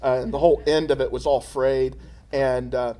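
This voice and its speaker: A man's voice: medium pitch, steady tone, normal speed, mellow. A man hosting a casual chat, talking enthusiastically and loosely after a screening. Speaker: host.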